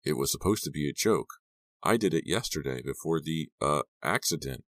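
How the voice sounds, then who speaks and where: A clumsy teenage prankster boy blurting out defensive excuses, as a man voices him. It is a spoken storybook with a deep, close, dry sound. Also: expressive, moderate pace, fairly bright tone, no room sound. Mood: sheepish.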